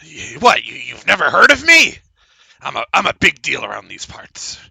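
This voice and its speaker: A man voicing a boastful, paranoid, excitable male halfling who brags and stammers. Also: fairly high pitch, vocal fry, husky, dry recording, voice pushed up, heavily acted. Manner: bragging, fast, stammering.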